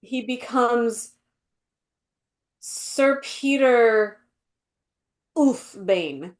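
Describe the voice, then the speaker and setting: Animated woman chatting on a podcast. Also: on the high side, extremely slow. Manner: animated, acts out quotes in voices, many fillers. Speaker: podcast co-host. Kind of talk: casual chat.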